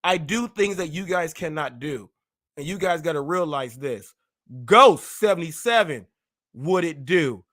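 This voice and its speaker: Boastful high-voiced man trash-talking. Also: animated, bright, forceful tone. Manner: boastful, trash-talking, rapid-fire wordplay. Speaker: host. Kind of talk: live-stream rant.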